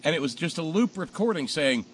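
A man hosting a talk show, telling jokes casually and acting out the punchlines loudly. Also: fairly high pitch, fairly quick, slight background noise. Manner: animated storyteller, acts out punchlines loudly.

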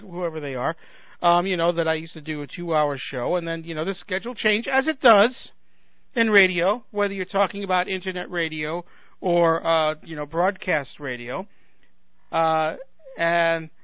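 A man's voice: sits high, dry recording. A man hosting a radio show as a fill-in, chatting casually and rambling with frequent restarts and self-deprecation. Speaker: radio host filling in. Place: home in Chicago. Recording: tinny dry phone-like line.

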